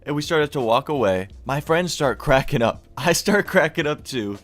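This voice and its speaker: A man's voice: on the high side, sing-song, normal speed, hardly any pauses, a bit bright, soft background music. A young man telling a storytime in a loose, casual way, with plenty of swearing and stoner slang. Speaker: vlogger.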